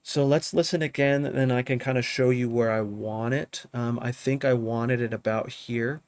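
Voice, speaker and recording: A man's voice: mid-range voice, steady tone, normal speed, darkish tone. A man casually teaching drum programming in his home studio, thinking aloud and often checking in with "you know what I mean?". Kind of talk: casual live tutorial.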